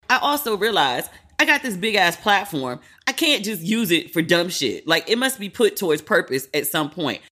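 A woman hosting her own podcast, telling stories in a casual, profane, exasperated way. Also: lowish voice. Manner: animated, profane, exasperated storytelling. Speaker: podcast host. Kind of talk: casual solo podcast monologue.

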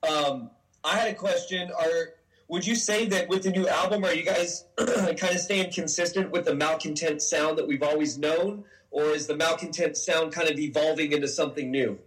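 Co-host guy, kinda high voice, pumped up asking questions. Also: moderate pace, poor audio. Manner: enthusiastic questioner. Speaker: podcast co-host. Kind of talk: casual interview chat.

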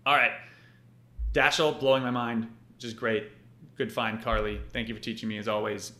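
A man's voice: mid-range voice, flat delivery, moderate pace, sharp tone. Loose-talking man in a roomy space. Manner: loose, profane, frequent restarts and fillers. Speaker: podcast co-host. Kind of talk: casual chat.

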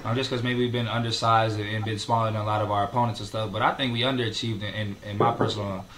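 A man's voice: lowish voice, flat delivery, quick pace, fairly bright tone, a little hiss or hum. A young man, a college basketball player, talking casually in an interview, with many fillers. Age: young adult.

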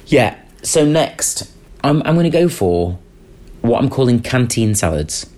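A man's voice: medium pitch, unhurried. A man on a podcast, chatting casually and riffing comically. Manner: comic, animated, riffs with mock voices. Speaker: podcast guest. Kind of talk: casual chat.

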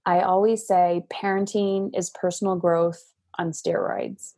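Husky woman, frank parenting coach. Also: fairly low pitch, unhurried. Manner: frank, animated storytelling with restarts. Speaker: guest, parenting coach and podcaster. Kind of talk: casual interview talk. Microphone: video call.

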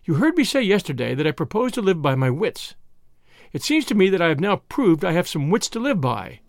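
A man reading an audiobook, voicing a clever young woman who answers with sweet, poised, teasing calm. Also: sits high, fairly quick, dry recording, clean studio sound. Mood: sweetly poised. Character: clever, cheeky young woman, coolly bluffing.

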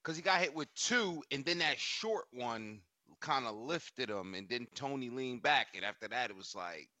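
A man chatting casually about a fight, pausing and searching for words. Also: mid-range voice, animated, pushed and bright, dry recording.

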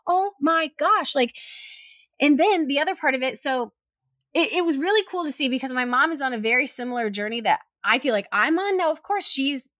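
A woman's voice: high-pitched, lively intonation, a little fast, a bit bright, dry recording, clean studio sound. A young adult woman telling a personal story in casual chat, with lots of "like" fillers and acted-out quotes.

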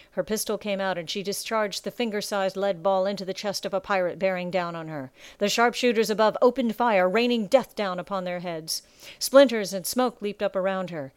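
A woman reading a story aloud as narrator in a measured, dramatic storytelling manner. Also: medium pitch, smooth, no echo. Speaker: audiobook narrator. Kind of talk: scripted narration.

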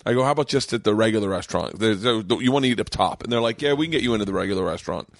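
A man's voice: lowish voice, expressive, rapid-fire, gravelly, dry recording, clean studio sound. A man hosting a podcast, telling stories in casual chat, laughing often and swearing freely. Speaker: podcast host. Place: home studio mancave.

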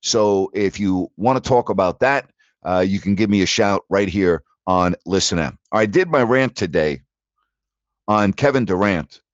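A man's voice: low voice, unhurried, no echo, dull audio. A man hosting a sports talk show, ranting in disbelief about the latest league news. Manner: animated, incredulous ranting. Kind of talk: sports talk radio monologue.

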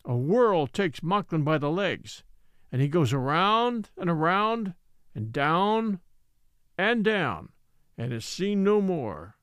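A man voicing a patient old native man who tells his story slowly and solemnly in formal, old-fashioned speech. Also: a little high, big pitch swings, fairly bright tone, smooth, no echo, clean studio sound, full character voice.

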